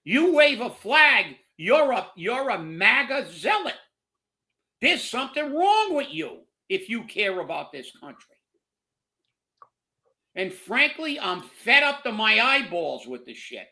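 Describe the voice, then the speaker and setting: A man rants on a political talk show, furious and profane, tripping over his own words as he talks. His voice sits high for a man and sounds bright and edgy. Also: very animated, takes it slowly. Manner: heated, profane, repeats words when worked up. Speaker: co-host of political commentary show. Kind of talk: angry political rant.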